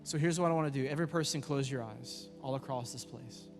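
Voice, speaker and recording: A man, preaching a youth sermon and telling stories with lively acted-out voices. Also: medium pitch, fast. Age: 30s. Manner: lively storytelling, acts out voices. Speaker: youth pastor. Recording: echoey hall with music behind.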